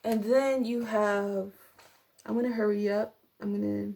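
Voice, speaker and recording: Young woman doing a tarot reading on camera, kinda gravelly voice, rambly, lots of um and like. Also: mid-range voice, little pitch movement, normal speed, mellow. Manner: rambling, filler-heavy, apologetic asides. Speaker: tarot reader. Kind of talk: casual tarot reading vlog.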